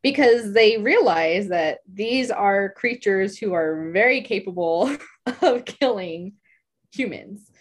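A woman co-hosting a relaxed book discussion, unhurried in her pace. She explains the plot conversationally, dropping in "like" as she goes. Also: mid-range voice. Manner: conversational, uses "like" and laughs easily. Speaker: podcast co-host.

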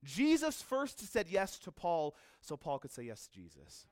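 High-voiced pastor preaching with animated storytelling. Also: male voice, normal speed, dry recording, studio quality. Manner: animated storytelling, acts out quoted characters. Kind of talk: sermon.

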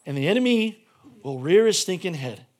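High-voiced pastor guy preaching, emphatic, shouts then goes quiet. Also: sing-song, moderate pace. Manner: emphatic, swinging from shouts to hushed. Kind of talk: sermon.

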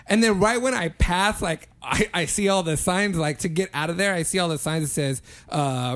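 A man's voice: high voice, brisk, hardly any pauses. A man telling a long story casually among friends, swearing a lot and acting out the people in it. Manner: animated, profane, acts out dialogue. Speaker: podcast co-host telling a story.

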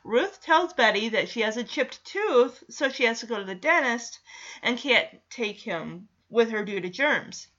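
A woman's voice: on the high side, animated, a little slow, sharp tone, muffled recording. A woman recapping a TV episode in casual chat, with sarcastic asides and frequent laughs. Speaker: show recapper.

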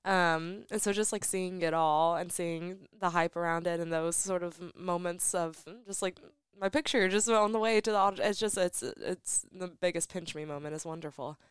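A woman's voice: fairly low pitch, normal speed, clear, resonant tone, dry recording. A young woman, a stage actress and singer, chatting as a guest in a studio interview and singing a cappella, bubbly and laughing often. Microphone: headphone mic.

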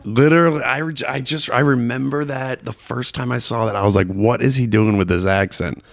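A man's voice: mid-range voice, fairly quick, gravelly. A man hosting a podcast in a rambling, casual chat, laughing often and swearing freely.

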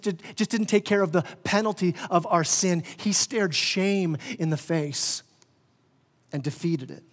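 A male pastor preaching a sermon with passion, swelling loud and dropping soft, often restarting his words. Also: high voice, in a large hall. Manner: impassioned, rising and falling in volume, stammering restarts. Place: church sanctuary.

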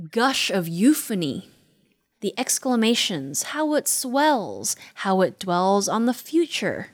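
Slow, low-voiced woman reciting and analyzing poetry. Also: no room sound, studio quality. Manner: rhythmic, emphatic reading that dwells on repeated words.

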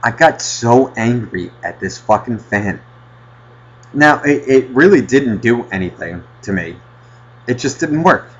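A male podcast host telling a profane, ranting story in casual chat with a husky voice. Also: mid-range voice, expressive, unhurried, muffled recording.

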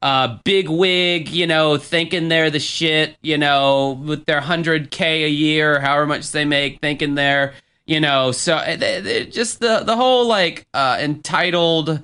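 A man's voice: a little high, steady tone, unhurried, pushed and bright, clear, resonant tone. A man co-hosting a casual podcast chat, venting bluntly with plenty of swearing. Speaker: podcast co-host.

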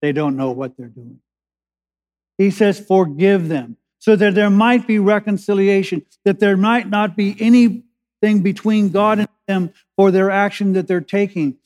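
High-voiced preacher in an echoey hall. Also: male voice, fairly even intonation, darkish tone. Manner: preaches with slow emphatic pauses and rising urgency. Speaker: pastor. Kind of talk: sermon. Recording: echoey hall with long reverb.

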